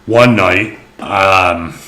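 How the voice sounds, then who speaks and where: A young man tells a personal story casually, rambling and swearing with plenty of fillers. His voice is very low but bright and forceful. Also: very slow. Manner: rambling, profane, many fillers.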